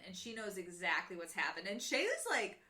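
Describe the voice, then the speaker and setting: A woman's voice: medium pitch, very animated, brisk, echoey room, crowd noise. A young woman co-hosting a book podcast, chatting casually and acting out characters' lines. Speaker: podcast co-host.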